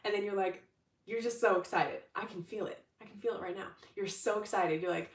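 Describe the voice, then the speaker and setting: A woman's voice: medium pitch, brisk. A young adult woman talking casually as a manifestation coach on a livestream, upbeat and chatty, with lots of fillers and restarts. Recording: roomy echo, distant from the mic.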